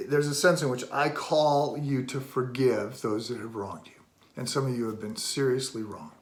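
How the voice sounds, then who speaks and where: Middle-aged male pastor, animated storyteller. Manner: animated, acts out dialogue with rising pitch. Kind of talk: devotional talk with storytelling. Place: relatives' home. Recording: roomy echo.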